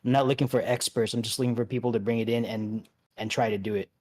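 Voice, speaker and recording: A man leading an online game raid, giving relaxed instructions with many fillers and restarts. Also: medium pitch, fast. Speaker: raid leader. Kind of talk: casual instructions over voice chat.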